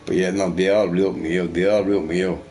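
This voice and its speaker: A man's voice: deep voice, steady tone, brisk, a little mellow. A man streaming a game, chatting casually with viewers in a rambling, profane, joking way.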